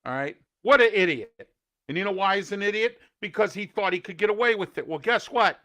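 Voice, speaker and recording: Man, host, indignant rant, high voice, bright and tense tone. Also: lively intonation, brisk. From Pittsburgh area. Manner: ranting, indignant, scolding. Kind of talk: opinion commentary show.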